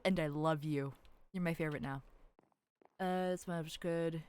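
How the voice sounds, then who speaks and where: A woman's voice: sits low, steady tone, a little slow, long pauses, a little mellow, clean tone, dry recording. A woman livestreaming a video game, chatting casually to her viewers, rambling and giggling, and squealing over cute characters. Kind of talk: casual gameplay commentary to chat.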